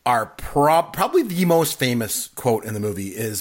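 Guy chatting about a movie, kinda husky, gets animated doing quotes. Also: medium pitch, normal speed, hardly any pauses. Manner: animated, acts out quotes in funny voices. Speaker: podcast co-host. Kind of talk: casual chat about a film.

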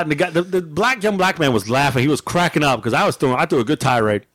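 A man co-hosting a casual chat show, telling a story in an animated way, swearing freely and acting out his own angry outbursts. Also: on the high side, fast talker. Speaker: podcast co-host telling a story.

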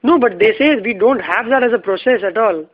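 High-pitched Indian English storyteller, phone-thin. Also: male voice, a little fast, a crowd in the background. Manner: relaxed storytelling, laughs easily. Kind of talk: casual anecdote telling. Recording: tinny phone-like sound.

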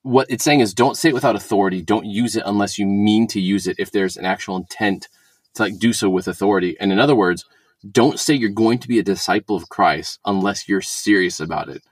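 A man's voice: fairly low pitch, a little fast, breathy edge, no room sound. A man co-hosting a casual podcast chat about church talks, wry and joking, often acting out quotes. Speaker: podcast co-host.

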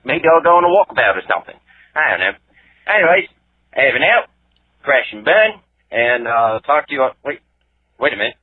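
A man's voice: medium pitch, sing-song, fairly quick, long pauses, husky, no room sound. A man leaving a rambling, jokey voicemail in a put-on stereotypical Australian accent. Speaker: voicemail caller. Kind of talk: casual voicemail message. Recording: tinny phone line.

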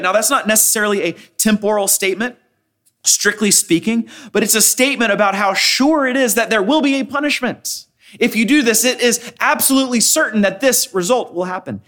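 A man's voice: high voice, fairly bright tone. A male pastor preaching an expository sermon, quoting scripture and repeating phrases for emphasis. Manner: quotes scripture often, frequent restarts.

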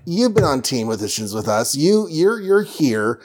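A man's voice: medium pitch, very animated, moderate pace, darkish tone, husky. A man voicing a hot-headed male archer superhero who argues insistently.

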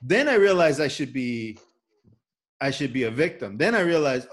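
Man, chicago accent, mid-pitched voice, loose casual chat. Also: very animated, moderate pace. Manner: conversational, many fillers and repeated words. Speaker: podcast host.

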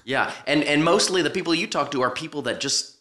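A man playing an eager, bright-voiced host. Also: fairly high pitch, fairly quick. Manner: eager, overly earnest interviewer. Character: eager, chummy male talk-show host. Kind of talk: improvised comedy podcast.

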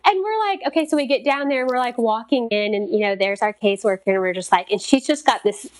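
Woman, talk show guest, chatty storyteller with a slightly high voice, animated delivery. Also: fast talker. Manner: animated, chatty, many fillers. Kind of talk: casual storytelling.

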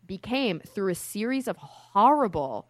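A woman from Texas, a science guest on a podcast, talking in an outspoken, animated, rambling way. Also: mid-range voice, unhurried, background noise. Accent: none, no Southern accent. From Texas, USA. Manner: outspoken, animated, talks in long rambling stretches. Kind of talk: casual podcast interview.

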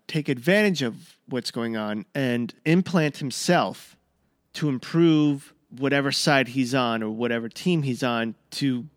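A man's voice: medium pitch, no room sound, studio quality. A man hosting a podcast in casual chat, thinking aloud hesitantly, swearing and laughing easily. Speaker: podcast host.

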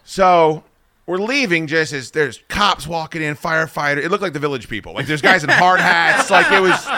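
A man's voice: fairly high pitch, lively intonation, moderate pace, crowd noise. A man hosting a podcast, telling a rambling, profane comedic story. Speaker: podcast host.

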